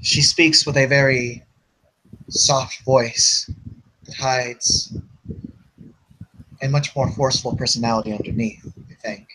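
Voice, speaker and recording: A man's voice: medium pitch, fairly even intonation, takes it slowly, pauses often, sharp tone, rough recording. A man playing a tabletop role-playing game, casually describing his character. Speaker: player.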